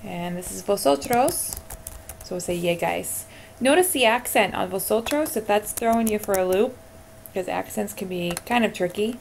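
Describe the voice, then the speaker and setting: A woman teaching Spanish verb endings in a screencast lesson, at a middling pitch for a woman. She talks her students through each answer in an encouraging way. Soft typing on a keyboard can be heard faintly behind her. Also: moderate pace, creaky, slight background noise.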